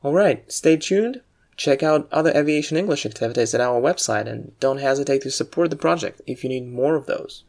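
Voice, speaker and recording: A man narrating a scripted language lesson at a middle pitch. He explains each point in a clear, deliberate way, like an instructor walking learners through the material. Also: animated, darkish tone. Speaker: aviation English instructor.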